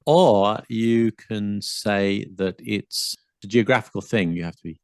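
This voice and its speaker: A man's voice: on the low side, unhurried, no echo. A man, explaining things in a casual, opinionated and digressive podcast chat. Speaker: podcast guest co-host.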